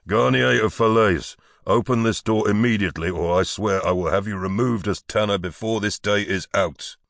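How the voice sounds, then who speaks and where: A man voicing a stern, commanding nobleman who shouts his demands in a raised voice. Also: lowish voice, normal speed, creaky, dry recording, studio quality, voice pushed up.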